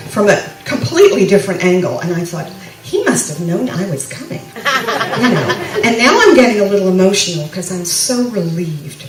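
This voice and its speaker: Woman telling a story in an echoey church. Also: lowish voice. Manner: chatty storytelling with self-deprecating humor. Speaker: church member giving a testimony. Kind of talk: personal testimony to a congregation. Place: church sanctuary. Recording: echoey room, mic from a distance.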